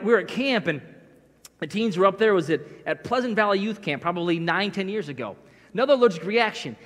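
Male pastor, middle-aged, high pitch, chatty self-deprecating sermon, church reverb. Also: fairly bright tone. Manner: conversational, self-deprecating storytelling. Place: church sanctuary. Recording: long church hall reverb.

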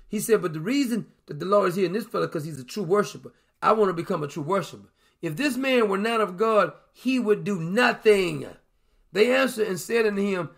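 Male preacher, high gravelly voice, folksy scripture storytelling. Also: fairly bright tone. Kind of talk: sermon.

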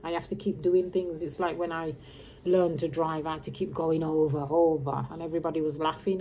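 Speaking briskly in a deep, level, warm voice, this Birmingham-raised vlogger in her fifties rambles casually on camera and drops her H's. Some slight background noise can be heard.

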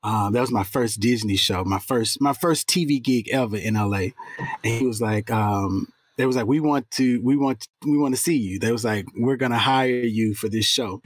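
A male actor talks as a guest in a casual interview. He is slangy and animated, and he slips into the people he quotes. His voice sits mid-range and sounds dry and close, with no room around it. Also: medium pitch, normal speed, no echo.

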